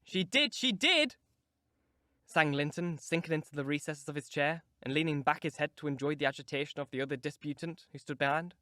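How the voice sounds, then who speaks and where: A man narrating a classic novel as an audiobook in a measured, steady reading. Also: fairly high pitch, dry recording, clean studio sound. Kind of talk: scripted narration.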